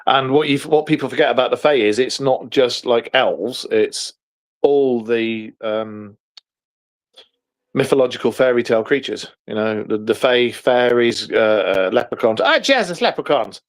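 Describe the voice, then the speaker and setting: A man's voice: medium pitch, steady tone, a little slow. A man with an English accent hosting a podcast, chatting casually, rambling and swearing freely. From England. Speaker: podcast host. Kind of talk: casual chat.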